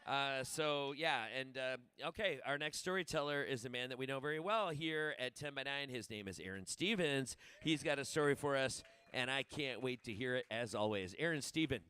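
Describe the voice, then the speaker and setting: Guy emceeing a story night at a bar, bright crisp voice, rambles a lot. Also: medium pitch, normal speed, hardly any pauses. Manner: rambling, full of fillers and restarts. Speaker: host. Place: indoor bar.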